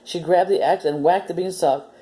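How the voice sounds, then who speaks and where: A woman hosting a children's story time, reading a story aloud and gently explaining a simple demo step by step. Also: on the low side, steady tone, moderate pace.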